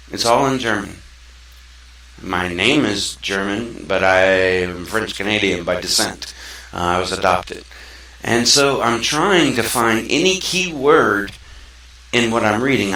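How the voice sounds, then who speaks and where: A man's voice: lowish voice, pushed and bright. A man from Mississippi hosting his own show, talking in an earnest, rambling, conversational way. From South Mississippi, USA. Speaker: show host. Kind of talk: casual talk-show monologue. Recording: echoey room, far from the mic.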